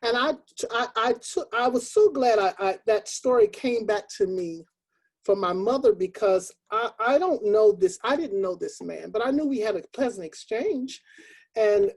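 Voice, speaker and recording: Older woman telling a halting story. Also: fairly high pitch, expressive, darkish tone. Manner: halting, many ums, earnest. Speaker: choral music professor. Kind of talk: personal storytelling on a webinar.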